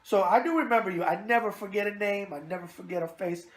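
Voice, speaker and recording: A man's voice: high voice, fast, fairly bright tone. A man with a New York accent hosting a casual boxing mailbag show, brash and wisecracking. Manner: brash, wisecracking, catchphrase-heavy. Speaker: boxing web show host. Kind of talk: casual video mailbag talk.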